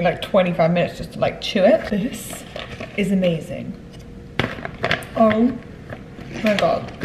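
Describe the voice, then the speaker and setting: A young woman, chatting enthusiastically in a casual vlog. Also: medium pitch. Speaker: vlogger. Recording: echoey room with clear background noise.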